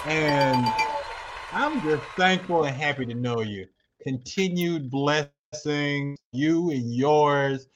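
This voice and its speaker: Man, higher voice, show host, hype-style, rallies the crowd, faint background hiss. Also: slow pace. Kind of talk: talk show hosting.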